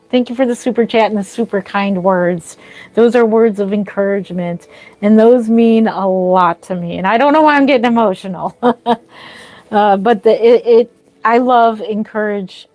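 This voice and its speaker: A woman's voice: mid-range voice, darkish tone. A woman hosting a casual livestream, chatting with viewers and gushing thanks for their gifts. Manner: gushing, easily moved, thanks viewers often. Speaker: livestream host, reborn doll artist.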